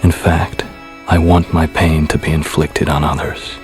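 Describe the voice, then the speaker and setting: A man's voice: a bass voice, level tone, measured pace, faint music behind. A man playing a cold, indifferent killer who confesses in a detached, icy way.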